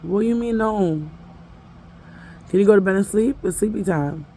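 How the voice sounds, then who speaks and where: A woman's voice: mid-range voice, moderate pace, warm tone. A woman vlogging casually from home, rambling and chatty, breaking off to talk to her toddler. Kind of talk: casual vlog chat.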